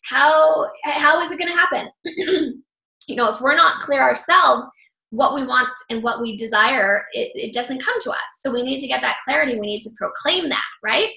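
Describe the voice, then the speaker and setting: A woman's voice: high voice, normal speed, gravelly, sharp tone. A woman leading an online training call for her group, upbeat and encouraging with loose fillers, her voice a little worn. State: slightly losing her voice. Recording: echoey room.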